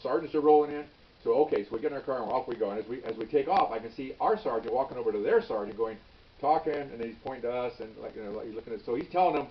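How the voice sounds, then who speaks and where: A man in his sixties, a retired police officer telling a story in an animated way, with many restarts and "okay?" tags. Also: medium pitch, racing. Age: 60s. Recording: dull, slightly distant recording.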